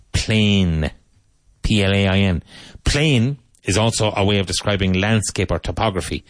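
A man teaching English vocabulary, saying each word slowly, repeating it and spelling it out, with tips on pronunciation. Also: low voice, dry recording. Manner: slow, deliberate, repeats and spells out words.

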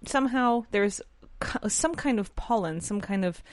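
A woman's voice: mid-range voice, normal speed, no echo. Chatty woman teacher with allergy-nasal voice. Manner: chatty, self-correcting, lively. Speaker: English teacher, podcast host. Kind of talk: casual language lesson.

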